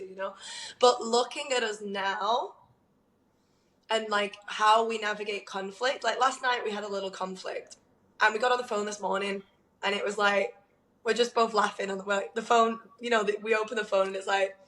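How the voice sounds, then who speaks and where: A woman co-hosting a podcast, telling a candid personal story in an animated way, laughing often and using lots of "like.". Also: medium pitch, normal speed, roomy sound, low-quality recording. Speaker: podcast co-host.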